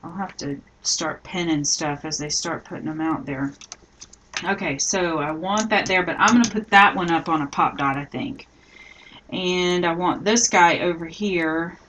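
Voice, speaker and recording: A middle-aged woman hosting a live scrapbooking tutorial, chatting casually and thinking aloud as she works, often trailing off softly. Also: on the low side, a little slow, a little hiss or hum, poor audio.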